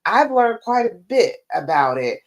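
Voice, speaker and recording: A woman coach chatting live to her viewers, her pitch swooping up and down as she stresses points. She talks in a lively, emphatic way, speaking straight to the audience. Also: measured pace. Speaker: relationship coach. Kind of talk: live-stream advice chat.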